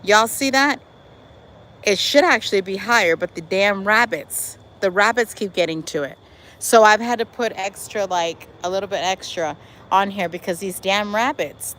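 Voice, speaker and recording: This livestream host is a woman broadcasting from her backyard, chatting warmly with viewers she calls y'all as she goes through their comments. She speaks in a mid-range voice, and the rough recording carries faint traffic and outdoor sounds.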